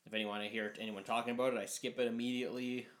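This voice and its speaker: A man co-hosting a film podcast, talking in a relaxed, plain-spoken way. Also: medium pitch, rapid-fire. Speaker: podcast co-host. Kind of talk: casual film chat.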